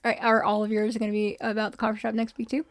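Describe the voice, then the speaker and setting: A woman co-hosting a casual podcast chat, wry and dry, quick to laugh. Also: on the high side, monotone, no room sound. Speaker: podcast co-host.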